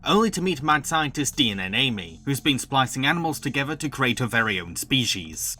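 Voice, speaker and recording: A man's voice: mid-range voice, a bit bright, a little hiss or hum. A man narrating a scripted countdown of cartoon episodes with wry, opinionated commentary. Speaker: video essay host.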